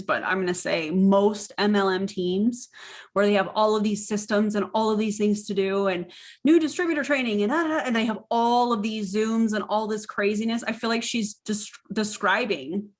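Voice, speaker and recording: A woman hosting casual reaction commentary, skeptical and sarcastic in her asides. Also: medium pitch. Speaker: commentary host.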